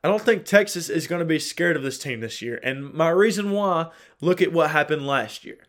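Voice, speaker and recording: Young man, solo sports podcast host, slightly high-pitched, chatty, laughs often. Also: animated, moderate pace. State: dry throat. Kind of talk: casual solo sports talk.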